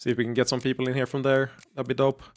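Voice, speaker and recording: A man's voice: medium pitch, monotone, very fast. Rambling, profane male streamer. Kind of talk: live-stream game commentary.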